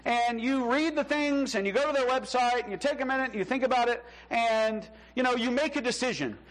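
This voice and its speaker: A man's voice: extremely high pitch, a little fast, a bit bright, rough recording. A man preaching a sermon as pastor in a conversational style, acting out the voices he quotes.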